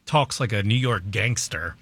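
A man's voice: on the low side, animated, a bit bright, slight background noise. A man co-hosting a radio show, giving blunt, opinionated film takes in casual studio banter. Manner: blunt, opinionated, quick to complain.

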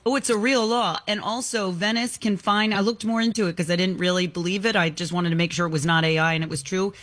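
A woman's voice: on the low side, steady tone, quick pace, fairly bright tone. A woman co-hosting a talk show, telling quirky news stories in a chatty storytelling way. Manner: storytelling, reads out odd news. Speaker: show host. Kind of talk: talk-radio news banter.

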